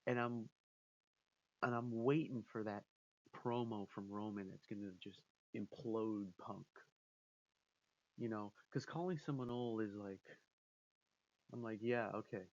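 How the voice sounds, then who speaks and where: A man's voice: lowish voice, measured pace, pauses often, lo-fi sound. Rambling man in casual commentary. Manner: rambling, with many restarts and acted-out quotes. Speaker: wrestling commentator vlogger.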